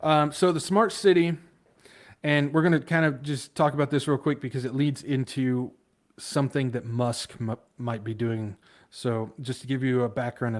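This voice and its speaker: A man hosting a livestream in a casual, rambling way, stumbling over hard words, laughing at himself and trailing off into mumbles. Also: mid-range voice. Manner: loose and off the cuff, trails off into mumbles. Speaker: livestream host.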